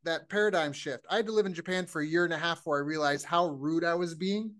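Canadian male podcast host, high voice, animated storyteller who acts out quotes. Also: fast talker. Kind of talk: casual chat.

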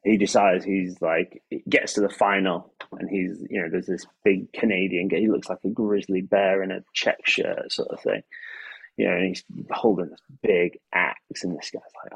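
A man telling a long anecdote in casual conversation, animated and acting out sound effects. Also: low voice, normal speed, creaky, breathy edge, no echo, muffled recording. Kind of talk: casual storytelling chat.

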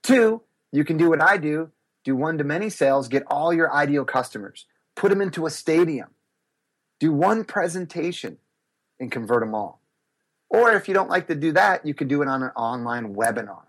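A man, a speaker and business coach, telling animated stories in an interview and acting out the voices of others. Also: a little high, moderate pace, slightly rough. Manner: acts out voices and gasps, lively and expressive. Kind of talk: animated storytelling in a podcast interview.

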